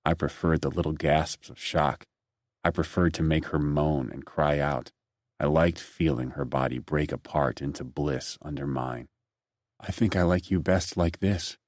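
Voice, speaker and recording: Deep male narrator, very low voice, dry close mic, brooding first-person reading. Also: a little mellow, dry recording. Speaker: audiobook narrator.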